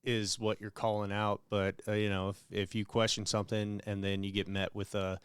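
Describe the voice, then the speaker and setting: A man's voice: fairly low pitch, little pitch movement, smooth, dry recording. A man co-hosting a casual podcast, talking in a hesitant way with frequent restarts. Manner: slow, hesitant, restarts often. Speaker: podcast co-host.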